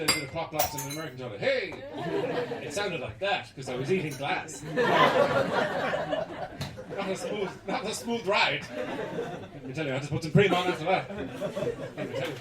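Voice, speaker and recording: An Irish man doing a live stand-up set in a small club, bursting into loud acted-out voices. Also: fairly high pitch, very noisy. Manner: animated, acts out characters in loud bursts. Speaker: stand-up comedian. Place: small basement comedy club. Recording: roomy live club recording from far off, loud crowd laughter.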